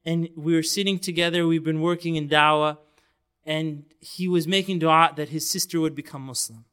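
A man's voice: a little high, fairly even intonation, moderate pace, a bit bright, smooth. A man giving an earnest, emphatic sermon, with passages of the Quran chanted melodically. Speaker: Islamic preacher.

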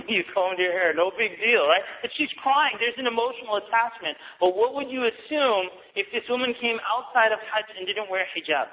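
A man with a high voice gives a casual religious talk, chatty and quick to laugh as he acts out little scenes. The sound is dull and carries a long reverb from a large hall. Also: lively intonation, a little hiss or hum. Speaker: Islamic teacher.

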